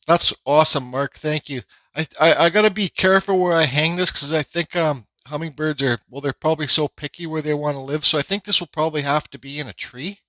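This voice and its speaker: A man's voice: a little high, sharp tone, no room sound, rough recording. A man hosting a woodcarving vlog, talking casually and rambling with fillers and restarts while feeling unwell. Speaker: woodcarving channel host. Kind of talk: casual workshop vlog talk.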